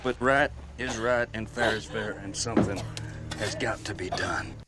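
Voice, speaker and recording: An actor playing a drawling Mississippi drifter. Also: male voice, on the low side, over loud music, lightly acted. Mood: quietly menacing. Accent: Southern US, Mississippi. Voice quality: slow drawl, polite menace. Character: menacing soft-spoken Southern drifter man, middle-aged. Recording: film clip under loud score.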